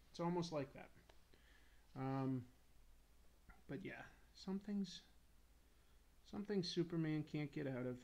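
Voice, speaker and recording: A man hosting a comics livestream, joking casually and reading viewer comments aloud while he draws. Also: on the high side. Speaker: comics YouTube host.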